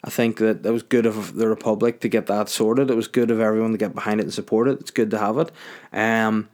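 A Northern Irish man hosts a podcast alone, talking off the cuff in a casual, ranting monologue. His voice sits a little low, and he often breaks off mid-word to restart his sentences. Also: steady tone, quick pace, darkish tone. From Northern Ireland. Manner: rambling, ranting, self-interrupting. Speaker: podcast host.

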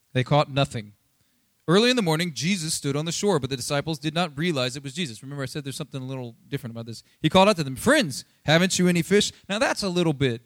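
A pastor giving a casual, conversational sermon, chatty and animated, acting out Bible scenes in quick asides. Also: male voice, fairly high pitch, dry recording, clean studio sound. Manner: chatty, animated, acts out Bible quotes, many fillers.

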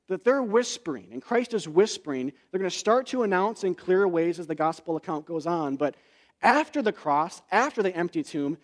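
A man preaching a sermon, explaining scripture in an earnest, conversational way with frequent asides and fillers. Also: high voice. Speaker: pastor.

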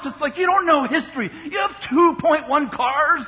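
High-pitched impassioned male preacher in a hall. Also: normal speed, hardly any pauses. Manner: impassioned preaching, mocking voices for complainers. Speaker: pastor. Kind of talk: sermon. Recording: dull sound in a long-reverb hall.

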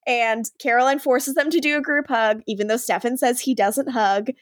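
Podcast co-host, woman, high pitch, dry close sound, animated casual recapper. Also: moderate pace, dry recording. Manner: animated, quotes characters in lively voices. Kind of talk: casual chat recapping a TV episode.

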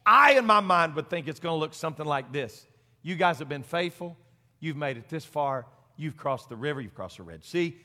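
A middle-aged preacher, folksy and plainspoken, whose sermon moves between quiet talk and loud shouted exhortation. His voice is bright and fairly high, ringing with the long reverb of a church sanctuary. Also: animated, moderate pace. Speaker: senior pastor. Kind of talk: Pentecostal sermon.

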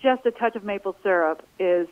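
A woman's voice: mid-range voice, brisk. Woman chef over a tinny phone line. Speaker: guest chef and cookbook author. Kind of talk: casual interview chat.

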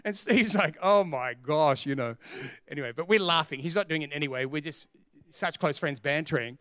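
A middle-aged man, preaching a sermon as pastor in an energetic, joking, emphatic way. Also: a little high, a little fast, no room sound, studio quality.

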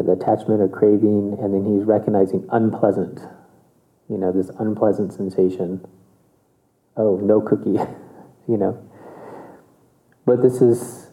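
A man giving a casual meditation talk, conversational and chuckling, often checking in with his listeners. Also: on the low side. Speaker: meditation teacher. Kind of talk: relaxed dharma talk. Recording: tinny phone-like audio.

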